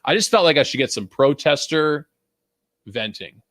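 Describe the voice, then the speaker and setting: On a casual podcast, a young male co-host from Vancouver swears, laughs and rants with lots of energy. He has a fairly high voice and keeps a moderate pace, captured in studio quality without any room sound.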